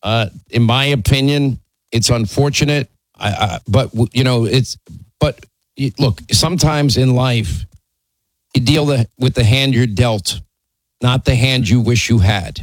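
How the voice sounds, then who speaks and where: A male talk radio host speaking at a medium pitch with a dry, close studio sound. He talks emphatically and keeps restarting his sentences as he takes calls. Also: a little slow, no room sound, poor audio.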